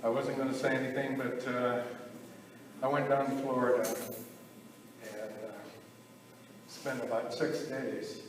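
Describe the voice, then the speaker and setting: A man giving a short memorial tribute, speaking hesitantly with many pauses and filler sounds. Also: mid-range voice, flat delivery. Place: memorial gathering in a large hall. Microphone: distant camera. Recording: echoey hall from far off with room noise.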